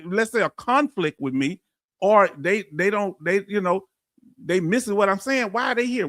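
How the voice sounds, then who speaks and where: Texan man with a southern accent, high-pitched voice, blunt livestream chat, dry close sound. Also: fairly bright tone, no room sound. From Houston, Texas. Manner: blunt, straight-talking, addresses chat directly. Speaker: livestream host.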